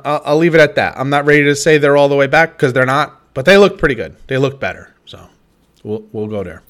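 A man co-hosting a casual sports talk show. He talks in a relaxed, rambling way, often restarting his sentences and hedging his picks. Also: medium pitch. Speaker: sports podcast co-host.

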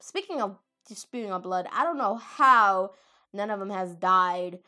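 A woman's voice: mid-range voice, unhurried, pushed and bright. A woman talking casually and rambling, with lots of filler words and self-deprecating asides, as she recounts anime moments. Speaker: anime commentator.

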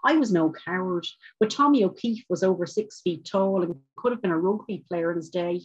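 A woman reading her short story aloud at a book launch, in a measured, wry manner, on a dull, muffled recording. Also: lowish voice, breathy edge. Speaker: author reading.

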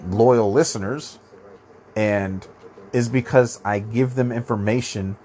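A man's voice: on the low side, takes it slowly, mellow, slight background noise. A man hosting his own podcast in a rambling monologue, swearing often and restarting his sentences, with a somewhat nasal voice. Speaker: podcast host. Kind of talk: profane monologue.

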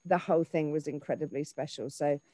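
A woman in her forties, an actor and children's author, talking in an animated way in a casual interview, often restarting her sentences. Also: deep voice, fairly quick, no echo. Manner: animated, with frequent restarts and fillers.

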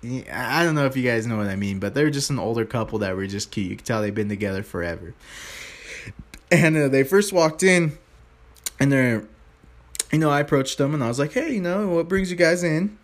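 A man's voice: medium pitch, fairly quick, long pauses. A young man casually telling his viewers a story from his sales job, rambling with fillers and restarts and acting out what people said. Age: young adult. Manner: animated, acts out quoted voices. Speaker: store salesperson.

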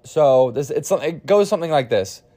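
A man's voice: a little high, animated, normal speed, dark tone. Tired young man telling a joke. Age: 20s. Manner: self-deprecating, swears freely, restarts often. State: tired, losing his voice, coughing. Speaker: podcast host. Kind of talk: rambling comedic monologue.

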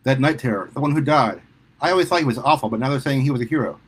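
A man voicing a warm, fretful middle-aged mother, affectionate and teary. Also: mid-range voice, lively intonation, rapid-fire, slightly rough, voice pushed up, low-quality recording. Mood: tender, sad.

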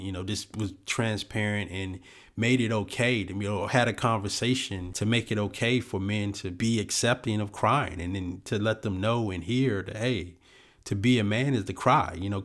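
A man hosting a solo book-review podcast, talking in an earnest, reflective way with lots of "you know" fillers. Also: on the low side.

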